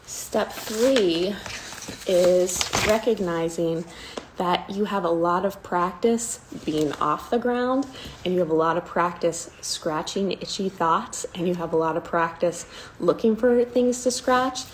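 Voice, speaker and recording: A woman giving a casual self-help talk, candid and profane, with playful asides and soft, soothing self-talk. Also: fairly low pitch, takes it slowly, a little hiss or hum, rough recording.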